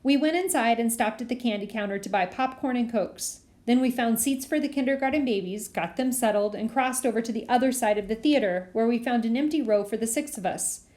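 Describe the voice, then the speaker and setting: A woman reads a children's novel aloud as an audiobook. Her voice is fairly high, and she tells the story steadily. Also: brisk, hardly any pauses, darkish tone. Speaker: reader.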